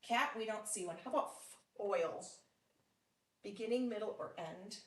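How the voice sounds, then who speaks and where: A woman's voice: mid-range voice, fairly bright tone, distant mic. Patient phonics teacher woman, slightly roomy. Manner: patient, encouraging, with frequent praise; slow, deliberate sounding out of words. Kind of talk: one-on-one phonics lesson. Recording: roomy sound from off mic.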